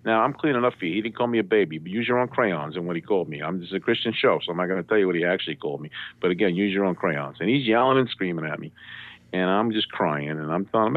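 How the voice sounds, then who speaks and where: Fast-talking man on a tinny phone line. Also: lowish voice, no room sound. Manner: lively storyteller, acts out voices, jokey. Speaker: radio show guest. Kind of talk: animated storytelling.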